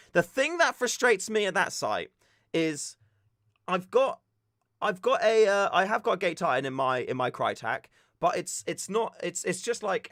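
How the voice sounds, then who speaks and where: A young man from the UK chatting on a live stream, telling stories with animated back-and-forth retellings. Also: a little high, no echo, studio quality. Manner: animated storytelling, acts out shouted exchanges. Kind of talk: casual live-stream chat.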